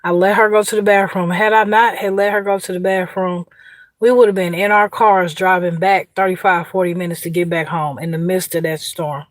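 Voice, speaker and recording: On an outdoor livestream, a host with a Midwestern Indiana accent tells a story in a relaxed way, laughing, chatting and calling out viewers by name. She speaks briskly in a lowish, fairly even voice, with no room sound.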